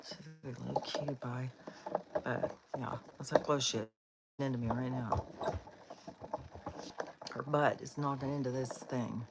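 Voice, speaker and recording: A woman's voice: rumbling low, steady tone, measured pace, pauses often, very noisy. A woman hosting a live stream, rambling casually and chatting to her dogs between thoughts. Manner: chatty and rambling, with frequent fillers and laughs; talks to her dogs in a coaxing voice.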